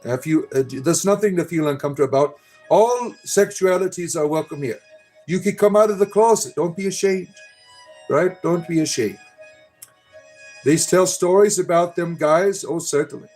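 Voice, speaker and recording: Middle-aged male livestream host, joking and rambling, slightly raised pitch, faint music behind. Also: normal speed, darkish tone. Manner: joking, rambling, with frequent "right?" tags. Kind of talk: casual chat reading viewer comments.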